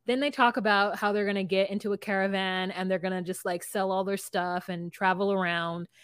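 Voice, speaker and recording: Brief: woman podcast co-host, blunt and swearing, animated chatter, close dry mic. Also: medium pitch, a little fast, smooth, no echo. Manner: blunt, profane and animated, often laughing. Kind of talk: casual recap chat.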